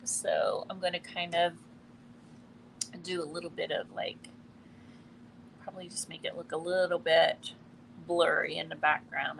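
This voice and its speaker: A woman doing a live painting demonstration, relaxed and thinking aloud as she works, often trailing off mid-sentence. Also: fairly low pitch, a little slow, gravelly, pauses often, a little hiss or hum. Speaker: art instructor. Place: quiet indoor studio in a building.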